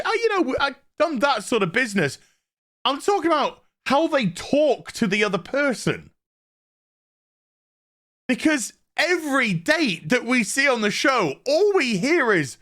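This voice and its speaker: A man's voice: sits high, a bit bright. An older man giving comedic, irreverent commentary on a reality show, mocking it and laughing often. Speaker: YouTube commentator.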